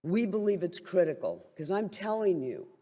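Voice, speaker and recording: A woman's voice: lowish voice, big pitch swings, moderate pace, dark tone. An older woman who is a military veteran gives an impassioned, blunt and wryly indignant speech at a briefing. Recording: long hall reverb.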